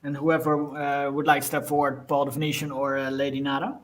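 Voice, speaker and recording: A man hosting a spiritual group video call, assigning turns with brisk fillers. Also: medium pitch, monotone, fairly bright tone. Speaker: host.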